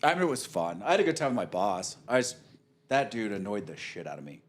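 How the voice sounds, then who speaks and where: A man's voice: on the low side, fast talker. A man casually telling a long golf story, swearing freely and acting out what people said. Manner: animated, profane storyteller who acts out quotes.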